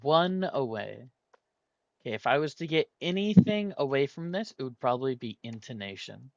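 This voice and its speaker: A man's voice: mid-range voice, big pitch swings, normal speed, gravelly, no echo, lo-fi sound. A man thinking aloud while solving a word puzzle, hesitating and weighing each option as he goes.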